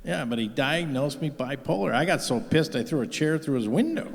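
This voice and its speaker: A man performs stand-up comedy in a live venue, his voice bouncing around a big reverberant hall. He rambles from bit to bit with a lively, wide-ranging pitch. He swears freely and runs himself down. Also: a little fast, vocal fry, background noise. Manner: rambling, profane, self-deprecating delivery.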